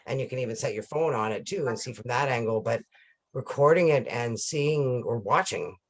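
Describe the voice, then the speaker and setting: A man's voice: mid-range voice, moderate pace. A man hosting a casual video call interview, talking enthusiastically and rambling, with frequent restarts. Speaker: interview host.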